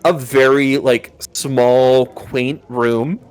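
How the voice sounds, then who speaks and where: A man's voice: medium pitch, fairly even intonation, extremely slow, a little mellow, smooth. A man running a tabletop game as game master, narrating with many ums and restarts. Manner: hesitant, filler-heavy narration with many restarts.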